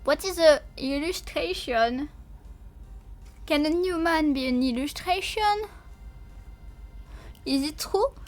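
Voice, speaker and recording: A woman's voice: high voice, expressive, takes it slowly, long pauses, soft background music. A woman streamer in casual livestream chat with her viewers. She talks in a playful, silly way, swears often and sounds sleepy. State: sleepy, yawning.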